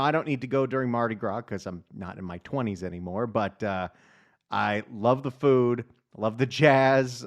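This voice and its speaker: A middle-aged man hosting a call-in talk radio show, chatty and upbeat as he takes calls. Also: mid-range voice. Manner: upbeat, chatty, reads the phone number often. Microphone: studio microphone.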